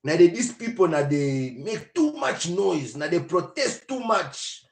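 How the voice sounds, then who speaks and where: Man doing a put-on Nigerian accent, male official, scheming, conspiratorial, slow drawl, echoey room. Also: sits high, very animated, gravelly, voice pushed up, exaggerated voice. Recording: roomy echo.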